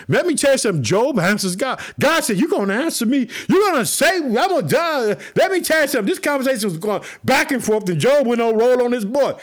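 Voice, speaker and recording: A man preaching an energetic sermon, reading Bible verses and praying, slangy and casual, calling his listeners family and shouting when fired up. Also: very high-pitched, brisk, hardly any pauses. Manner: long repeated prayer refrains.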